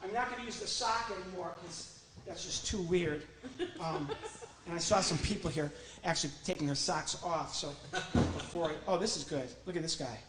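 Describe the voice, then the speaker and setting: A man's voice: high voice, moderate pace, background noise. Joking ventriloquist man in a church. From Illinois. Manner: chatty, joking, talks to his puppet. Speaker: ventriloquist comedian. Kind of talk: live stand-up ventriloquism act. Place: church stage.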